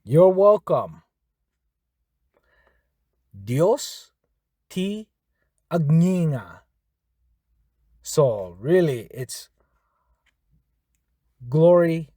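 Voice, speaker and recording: Man, casual language teacher; animated pitch, dry close sound, repeats and spells words patiently. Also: extremely slow, pauses often, breathy edge, no echo. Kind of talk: casual spoken language lesson.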